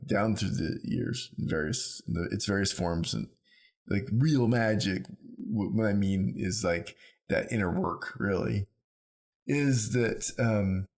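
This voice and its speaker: A man co-hosting a podcast, rambling through ideas in casual conversation and telling stories with lively acted-out quotes. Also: lowish voice, gravelly. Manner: rambling, animated storyteller who acts out quotes. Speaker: podcast co-host.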